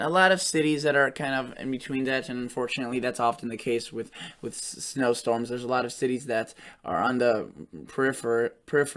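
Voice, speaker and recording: Man, weather forecaster, casual map commentary, thinking aloud, self-correcting, mid-range pitch. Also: pushed and bright. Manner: loose and thinking aloud, often correcting himself mid-sentence. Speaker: weather forecaster and channel host.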